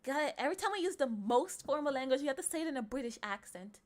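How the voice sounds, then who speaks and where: A woman streamer with a high, light voice chats casually as she reads quiz options aloud. She teases her viewers playfully and often slips into soft murmurs and whispers. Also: animated, fast, few pauses. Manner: playful and teasing, often breaking into giggles. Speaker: livestreamer. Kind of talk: casual livestream chat, reading quiz questions aloud.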